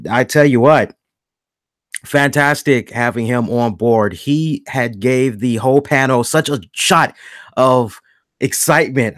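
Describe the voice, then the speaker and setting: A man's voice: mid-range voice, a bit bright, no room sound, studio quality. A man hosting a wrestling review show, talking casually and animatedly, acting out his own reactions and often restarting his words. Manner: frequent restarts and repeated words. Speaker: wrestling podcast host.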